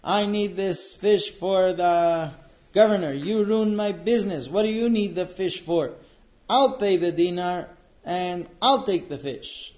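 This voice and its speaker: A man's voice: sits high, measured pace, a little mellow, pitched above the performer's own voice. A man voicing a defiant young Roman servant, with brash, slangy talk. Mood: indignant. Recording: dull lo-fi recording.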